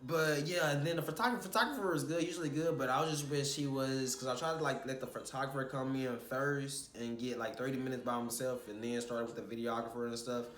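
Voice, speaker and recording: A man's voice: mid-range voice, fairly quick, hardly any pauses, roomy sound. A young man telling a casual vlog story about a stressful shoot, rambling and swearing as he recounts his frustrations. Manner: rambling, animated, swears when retelling frustrations.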